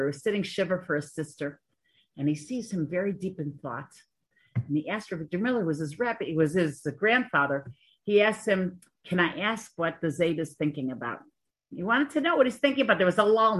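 A woman's voice: on the low side, a bit bright, slightly rough. A woman giving an earnest storytelling Torah talk, mixing in Hebrew and Yiddish terms with chatty asides. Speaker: Torah teacher.

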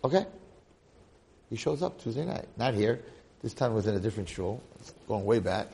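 A man in his sixties, a rabbi, telling a story to his congregation in an animated way with dramatic swings in loudness. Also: lowish voice, normal speed, vocal fry, a little hiss or hum.

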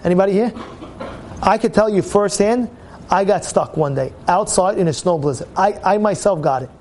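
A man tells a story in an animated sermon. His voice sits unusually high for a man. He restarts and repeats words as he builds the story. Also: normal speed, slight background noise. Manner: lively, repeats words, acts out quotes. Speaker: rabbi teaching a Torah class.

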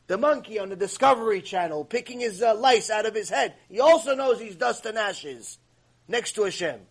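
A man teaching a long religious lecture, telling stories in an animated way and acting out the voices. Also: sits high, normal speed, husky. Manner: animated storytelling, acts out voices.

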